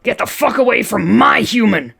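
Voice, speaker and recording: A reader voicing a small, hot-tempered, protective male skeleton creature in a fan story read aloud, snapping in loud outbursts. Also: mid-range voice, expressive, slow, gravelly, husky, full character voice. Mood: enraged.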